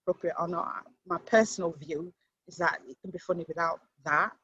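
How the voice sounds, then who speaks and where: A woman's voice: lowish voice, steady tone, a little fast, fairly bright tone, breathy edge. A woman on a casual live-streamed panel chat, earnest and reflective, thinking aloud. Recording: dull lo-fi stream audio.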